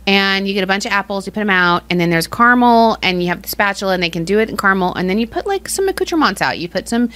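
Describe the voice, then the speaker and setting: A woman's voice: mid-range voice, quick pace, hardly any pauses. A chatty woman, co-hosting a casual podcast. She tells stories and pokes fun at herself. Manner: chatty, self-deprecating, animated storytelling. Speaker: podcast co-host. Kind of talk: casual chat.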